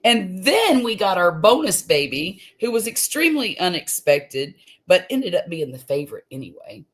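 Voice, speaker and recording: A woman's voice: fairly low pitch, sing-song, normal speed. A woman, hosting a homey, chatty live stream from home, laughing easily and trailing off into fillers. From US Gulf Coast. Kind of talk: casual live-stream chat. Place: home room.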